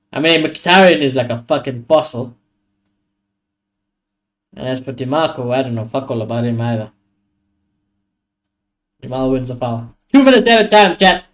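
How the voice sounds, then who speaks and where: A man hosting a live football watchalong stream, giving blunt, opinionated reactions and swearing often. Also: medium pitch.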